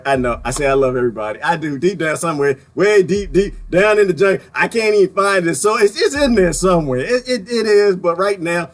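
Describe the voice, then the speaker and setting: Animated ranting man with swinging pitch. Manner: animated, swings from loud outbursts to quiet mutters, laughs often; folksy, uses "y'all". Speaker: vlogger. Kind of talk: ranting monologue.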